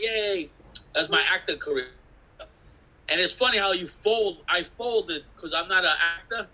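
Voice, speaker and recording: A man telling rambling, animated stories in a casual interview, acting out voices and swearing. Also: sits high, dull audio. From New York City. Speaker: interviewee, graffiti artist.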